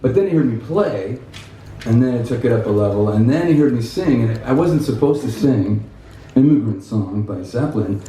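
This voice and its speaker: A man giving a guitar clinic, telling animated stories to an audience with laughter and quoted voices. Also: medium pitch, normal speed, slight background noise. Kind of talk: casual storytelling to an audience. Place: music store clinic in front of an audience. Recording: echoey room, mic from a distance.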